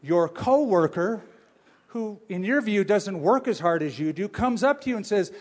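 Sex: man. Role: pastor. Style: sermon. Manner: animated, joking, asks the crowd questions. Pitch: fairly high for a man. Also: moderate pace. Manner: animated, humorous storytelling with audience questions.

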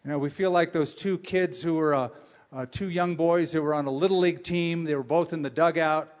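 A male pastor preaching a sermon, with animated, humorous storytelling and questions for his audience. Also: a little high, a little fast.

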